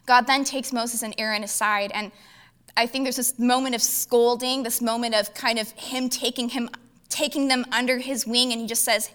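A woman preacher teaching a Bible passage in a lively, conversational, humorous way. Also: a little high, moderate pace.

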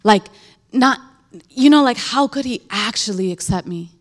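A woman giving a personal faith testimony, earnest and halting, with lots of "like" and restarts. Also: a little high, expressive.

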